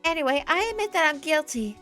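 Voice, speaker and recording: A woman voicing a timid, jittery young man who keeps insisting he is guilty, in a shrill, frantic voice. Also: expressive, brisk, fairly bright tone, faint music behind.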